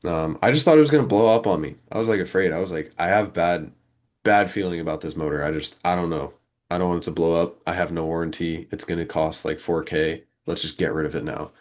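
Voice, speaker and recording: A young man in his twenties, co-hosting a casual podcast, tells a long story in a low voice at a quick pace. He's animated, acting out the quoted back-and-forth exchanges as he goes.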